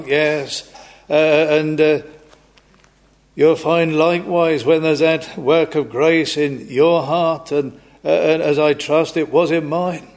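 Male preacher, slow and hesitant, monotone sermon delivery in a chapel. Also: a little high. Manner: slow, halting, many ums and restarts, old-fashioned biblical wording.

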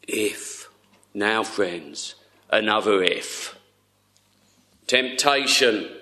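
A man preaching a sermon in an earnest, tender way, often dropping to a hush. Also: on the low side, lively intonation, very slow.

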